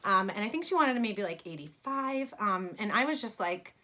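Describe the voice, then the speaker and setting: A woman's voice: mid-range voice, lively intonation, moderate pace, sharp tone. A woman in her thirties from New York, telling a personal story in a casual vlog about her fashion brand, chatty with many fillers.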